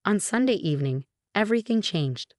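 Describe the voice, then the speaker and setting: A woman narrating a first-person scripted story in a steady, measured way. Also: medium pitch, dry recording, clean studio sound.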